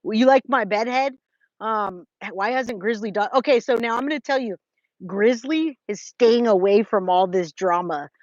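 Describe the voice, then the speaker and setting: A woman from California hosts a casual livestream from a trailer, reading chat, greeting viewers by name and restarting her sentences often. Her voice is on the high side and darkish, at a moderate pace, with no echo. The sound is dry, slightly dull and lo-fi.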